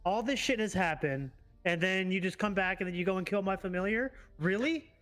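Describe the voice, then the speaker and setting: A man's voice: high voice, brisk, a bit bright, soft background music. A man playing his character in a tabletop game, sounding weary and exasperated. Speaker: player. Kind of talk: in-character tabletop role-play.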